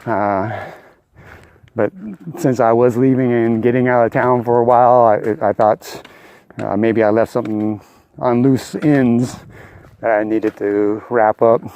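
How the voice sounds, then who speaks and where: A man's voice: mid-range voice, steady tone, a little slow, darkish tone, clear, resonant tone, no room sound. An older man vlogging his thru-hike outdoors on a mountain trail, telling a long story in a casual, rambling way. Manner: rambling storytelling with many uh fillers.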